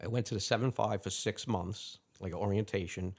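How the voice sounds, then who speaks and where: A man, a retired police lieutenant telling animated anecdotes as an interview guest, acting out the other people's lines as he goes. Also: on the low side. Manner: animated anecdotes with quick quoted dialogue. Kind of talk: casual storytelling interview.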